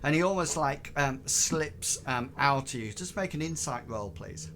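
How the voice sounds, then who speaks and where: A man narrating a tabletop game as game master, halting and full of ums. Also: medium pitch, expressive, background noise. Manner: hesitant, many ums and restarts.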